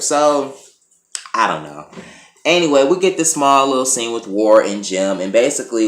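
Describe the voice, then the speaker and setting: Man, casual TV recap vlog, blunt and profane, lively pitch, roomy echo. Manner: animated, blunt, profane, chatty. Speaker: TV review vlogger.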